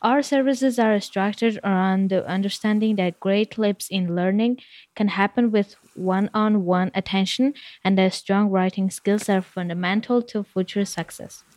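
A woman announcer giving a clear, evenly read scripted outro for a nonprofit program. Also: medium pitch, steady tone, measured pace, darkish tone, dry recording.

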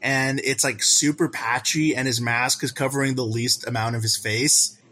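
A man's voice: medium pitch, steady tone, moderate pace, bright, forceful tone, a little hiss or hum. A man co-hosting a podcast in casual chat, recapping an episode in a rambling, amused way. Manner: rambling, amused storytelling with acted-out quotes. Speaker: podcast co-host.

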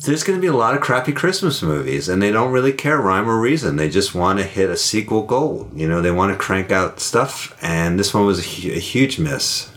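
A man with a low voice co-hosts a casual podcast. He tells jokes and acts out the voices in them. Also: very animated, a little fast, hardly any pauses, a bit bright, faint music behind. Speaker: podcast co-host. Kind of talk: casual chat.

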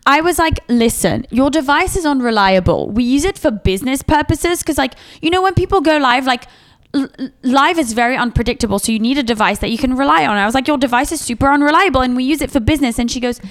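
Podcast co-host: a blunt woman with a slightly high voice, dry teasing, casual. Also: fast talker. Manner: blunt, swears freely, deadpan teasing. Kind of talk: casual chat.

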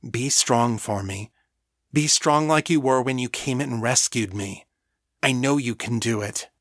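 A man voicing a tender, brave young man in an audiobook, speaking softly and reassuringly. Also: mid-range voice, unhurried, no echo, clean studio sound.

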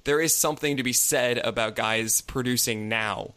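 A man co-hosting a podcast, arguing his rankings in casual debate, talking quickly with many restarts. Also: mid-range voice, sharp tone. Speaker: fantasy baseball podcast co-host.

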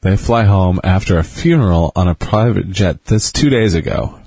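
Low, lively man asking skeptical questions. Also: moderate pace, gravelly, slightly rough, dry recording. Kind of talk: casual chat.

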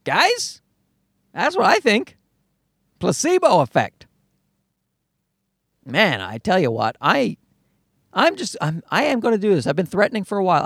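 A comedian from Newfoundland with a Newfoundland accent, rambling through a profane, self-mocking solo podcast monologue. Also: male voice, high voice, fairly bright tone, breathy edge, dry recording, studio quality.

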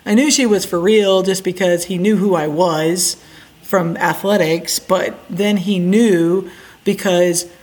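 A middle-aged woman from Indiana, a podcast guest, telling her story in a casual, animated way and acting out the quotes. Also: lowish voice, takes it slowly. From Indiana, USA.

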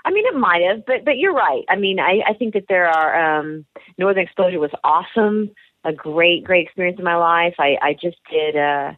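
A woman's voice: fairly low pitch, moderate pace, no room sound. A woman being interviewed about her writing and career, talking candidly and rambling with many restarts and fillers. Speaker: actress and author being interviewed. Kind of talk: candid radio interview answers. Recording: phone-like narrow band, dry.

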